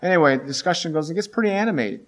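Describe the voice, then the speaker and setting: A middle-aged man, a teacher, telling a story from his class in an earnest, halting way, with many restarts. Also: fairly high pitch, lively intonation. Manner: earnest and halting, with many restarts, rising when he quotes students. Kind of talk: storytelling talk.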